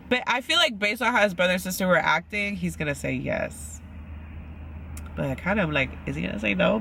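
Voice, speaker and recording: A man's voice: high-pitched, vocal fry, bright, forceful tone, a little hiss or hum. A man chatting casually as he recaps a reality show, rambling with lots of "like" and acting out quotes. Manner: chatty and rambling, heavy use of "like", acts out quotes.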